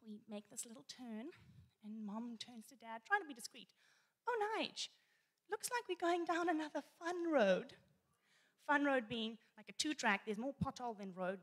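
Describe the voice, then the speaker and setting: Woman telling a funny church story, animated, laughing a lot, high bright voice. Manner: animated, laughing as she tells it. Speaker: guest speaker, pastor's daughter.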